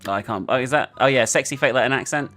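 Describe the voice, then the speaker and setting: Casual gamer, dry reader of game text, mid pitch, faint music behind. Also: fast talker, a bit bright. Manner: laid-back, swears freely, reads narration with dry timing. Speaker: video game player. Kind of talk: casual gaming chat and reading game text aloud.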